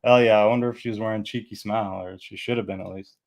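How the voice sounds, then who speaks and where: A man's voice: lowish voice, fairly even intonation, fast, a little mellow. A man of about thirty reviewing fragrances in a casual, rambling chat, full of fillers and easy enthusiasm.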